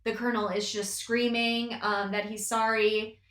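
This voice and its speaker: A woman co-hosting a book podcast, retelling the plot expressively and slipping into quoted lines. Her voice is bright and a little raised in pitch, and it carries a roomy echo. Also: little pitch movement, moderate pace. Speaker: podcast co-host. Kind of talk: casual book discussion.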